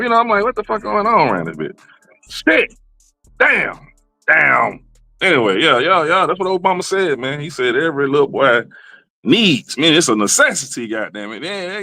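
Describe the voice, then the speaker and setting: A man's voice: on the high side, pushed and bright, no echo. A man hosting a comedic livestream, riffing in loose, profane rants full of repeated fillers. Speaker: show host. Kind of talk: casual comedic livestream commentary.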